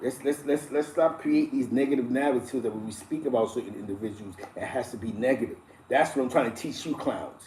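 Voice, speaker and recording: A man's voice: mid-range voice, quick pace, warm tone, slight background noise. A middle-aged man hosting a live stream, telling stories in blunt, profane casual street talk and chuckling as he goes. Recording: roomy echo.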